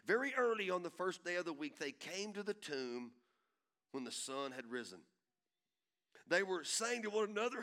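A man preaches with big dramatic swings, dropping to a hush and then surging loud. His voice sits a little high and rings bright. He acts out the people in his story. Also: lively intonation, normal speed, clear, resonant tone. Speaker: pastor. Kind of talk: sermon.

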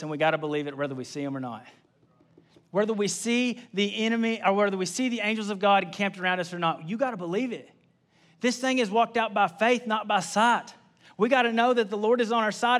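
A young adult man preaching a sermon in a casual, conversational way, repeating key phrases and adding quick asides. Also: high voice, fairly bright tone. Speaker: pastor.

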